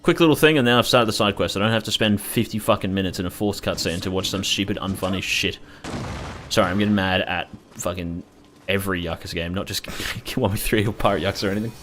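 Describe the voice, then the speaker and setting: Low-voiced man rambling over gameplay. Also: quick pace, fairly bright tone, slight background noise. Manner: rambling, profane, chatty. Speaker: gaming streamer. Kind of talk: casual gameplay commentary.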